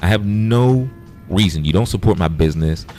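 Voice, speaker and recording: A man's voice: sits low, expressive, normal speed, dark tone, soft background music. A man hosting a casual livestream, bluntly retelling an argument with profanity and quoted back-and-forth. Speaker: livestream host.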